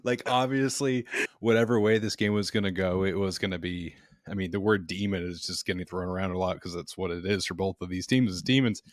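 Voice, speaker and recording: A man with a low, deep voice, co-hosting a casual sports podcast. He rambles and gets animated, laughing often as he talks. The sound is dry and close. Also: a little fast, no room sound. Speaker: podcast co-host.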